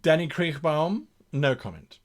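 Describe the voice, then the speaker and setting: Man, game master, live brainstorming, reads chat aloud, slightly high voice, very animated pitch. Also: unhurried. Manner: thinks out loud, restarts and repeats phrases.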